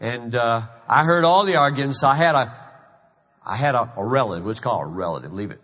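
A man's voice: medium pitch, animated, brisk, fairly bright tone. A man in his fifties from South Carolina, preaching a sermon as a pastor, earnest and emphatic, often repeating himself for weight. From South Carolina, USA. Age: 50s. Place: large church hall. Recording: long hall reverb.

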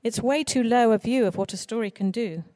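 A woman who writes children's books, giving an earnest, expressive talk on writing for children. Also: a little high, a little fast, dry recording, studio quality. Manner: earnest, expressive speaker with mock voices for quoted people. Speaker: children's author. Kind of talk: conference talk.

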